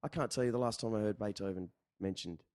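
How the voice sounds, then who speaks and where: A man's voice: fairly low pitch, fast talker, a little mellow, no echo, studio quality. Rambling man hosting a chat. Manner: rambling, loose, swearing casually. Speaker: podcast host. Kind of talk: casual chat over beers. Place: indoors, relaxed room.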